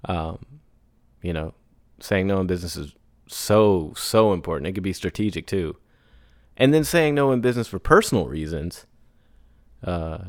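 A man hosting a solo podcast, telling business stories in a casual, animated way, acting out others in high put-on voices and laughing between lines. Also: dry recording, clean studio sound. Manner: laughs and sighs often. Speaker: podcast host.

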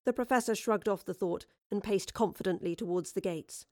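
A woman narrating a historical adventure audiobook in a measured, expressive storytelling manner. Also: mid-range voice, no room sound, clean studio sound.

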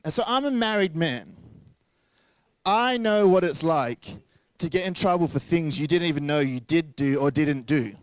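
A man's voice: high-pitched, smooth, dry recording. Casual joking young male pastor. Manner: casual, joking asides, acts out quoted voices. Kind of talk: sermon.

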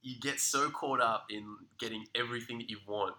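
A man, co-hosting a podcast with energetic, motivational banter that is full of swearing. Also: medium pitch, a little fast, low-quality recording. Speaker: podcast co-host. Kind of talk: casual chat.

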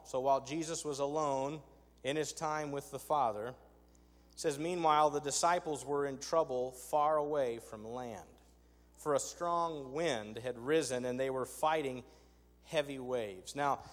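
A man preaching a sermon, conversational and emphatic, with rhetorical asides to his congregation. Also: fairly high pitch. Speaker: pastor. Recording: long hall reverb.

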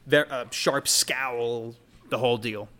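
A man's voice: mid-range voice, fairly even intonation, slow pace, a bit bright. A man narrating as dungeon master in a loose, casual way with many fillers. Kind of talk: narrating a tabletop game.

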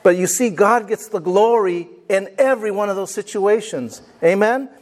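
A man's voice: high voice, moderate pace. A man preaching a sermon to his congregation, acting out the voices of biblical figures and asking for an "amen". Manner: animated, acts out quoted voices; call and response with congregation. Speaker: pastor.

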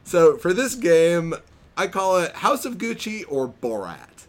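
A man hosting a casual podcast chat, sarcastic and swearing freely in quick bursts. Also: sits high, very animated. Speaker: podcast host.

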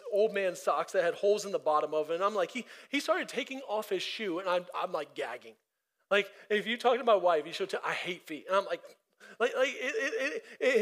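Male pastor, high-pitched, emphatic and chatty from the pulpit. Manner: emphatic and conversational, with repetition and side laughs. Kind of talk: sermon.

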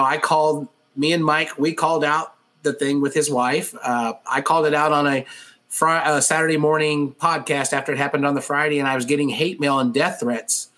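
A man's voice: fairly high pitch, sharp tone. A man who hosts a radio show, chatting on a podcast in a rambling way, full of fillers. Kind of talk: casual podcast chat.

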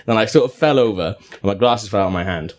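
A man's voice: on the low side, fast. A young man telling a rambling, sweary, self-deprecating anecdote in casual chat. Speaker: podcast guest storyteller.

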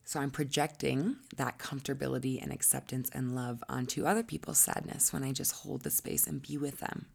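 A woman coach with a low, husky voice and a gravelly fry, speaking in a teaching monologue. She explains ideas at length and sometimes slips into soft, breathy asides. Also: fairly even intonation, fairly quick, hardly any pauses. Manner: acts out quoted voices, drops to soft asides.

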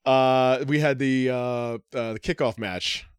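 A man's voice: medium pitch, steady tone, a little slow, clean tone, dry recording, studio quality. A man co-hosting a casual podcast, joking around and laughing often. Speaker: podcast co-host.

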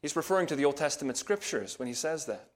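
A man preaching a verse-by-verse sermon as pastor, in a measured teaching tone that leans on key words. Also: on the high side, animated. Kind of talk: expository sermon.

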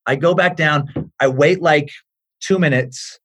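A man in his forties, a comedian guest, telling an animated comic story, excitable and swearing freely. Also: a little high, a little slow, heavy background noise.

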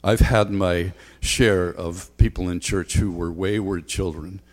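A man's voice: low-pitched, steady tone, unhurried. A man preaching a sermon as a pastor, talking conversationally with frequent ums and a repeated refrain. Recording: long hall reverb.

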